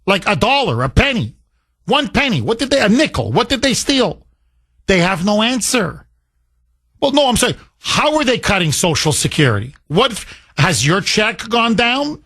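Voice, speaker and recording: Animated, high-pitched talk radio man. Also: moderate pace, husky, no room sound, studio quality. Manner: emphatic and sarcastic, mocks opponents with sing-song voices. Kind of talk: opinionated talk radio monologue.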